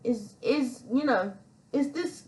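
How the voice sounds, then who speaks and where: A woman's voice: high voice, expressive, takes it slowly, a little mellow, rough recording. A woman hosting a podcast, telling a personal story in a rambling, chatty way and calling herself "your girl". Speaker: podcast host.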